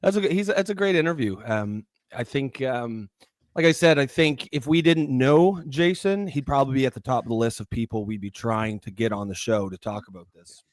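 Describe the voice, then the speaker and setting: A man from Atlantic Canada co-hosting an online talk show, rambling in a friendly way and often stumbling over and repeating words. His voice sits at a middle pitch and is recorded dry and close. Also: fairly quick, dry recording. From Newfoundland and Nova Scotia. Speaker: political talk show co-host. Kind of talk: casual live show banter.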